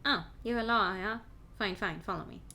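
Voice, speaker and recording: A woman doing a gruff, impatient prison guard. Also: mid-range voice, brisk, bright, forceful tone, a little hiss or hum, voice pushed down. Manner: curt, brusque.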